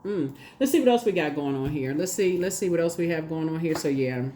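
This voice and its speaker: A woman with a lower voice giving a relaxed tarot reading to camera. She talks in a chatty, animated way, laughs often, repeats herself and speaks directly to her viewers. A faint hiss sits behind her. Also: fairly quick. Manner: addresses viewers directly and casually. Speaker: tarot reader.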